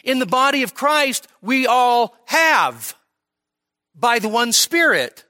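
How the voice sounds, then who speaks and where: A male pastor teaching an expository sermon at a midweek church service, conversational and emphatic, checking in with "okay?" and slowing down to stress key phrases. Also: very high-pitched, very animated, bright, forceful tone.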